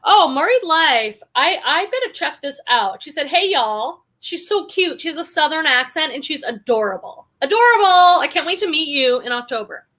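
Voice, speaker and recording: A woman's voice: high-pitched, animated, normal speed, hardly any pauses, pushed and bright. A woman in her forties hosting a reselling livestream, chatting casually and reading viewer comments aloud with effusive enthusiasm. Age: 40s.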